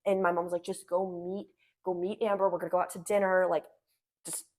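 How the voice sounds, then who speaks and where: Chatty teenage girl, lower voice. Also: brisk. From Washington state, US. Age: teens. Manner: chatty, animated storytelling, frequent "like". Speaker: pageant titleholder guest. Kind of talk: casual interview chat.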